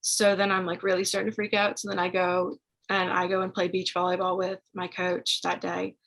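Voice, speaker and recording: A woman's voice: on the low side, completely flat delivery, brisk, fairly bright tone, rough recording. A young woman telling her story as a podcast guest, chatty and casual, with many fillers. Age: young adult.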